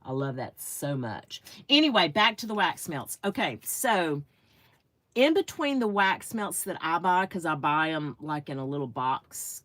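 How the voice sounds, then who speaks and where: A woman's voice: low voice, very animated, a little slow, a bit bright, no room sound. A middle-aged woman chatting casually with viewers while crafting on a livestream, greeting them by name and thinking aloud.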